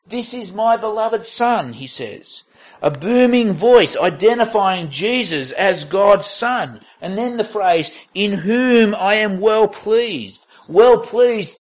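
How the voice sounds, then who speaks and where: A man delivers a sermon in a raised, high register. His tone stays conversational as he reads scripture aloud. He often pauses and restarts to find the right words. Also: lo-fi sound. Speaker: preacher.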